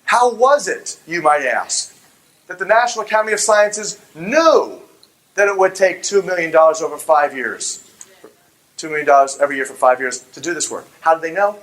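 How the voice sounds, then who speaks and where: A man's voice: fairly high pitch, moderate pace, low-quality recording. Fervent man telling a story. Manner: animated storyteller who acts out quoted voices; fervent, religious tone. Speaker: public speaker. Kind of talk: storytelling public talk.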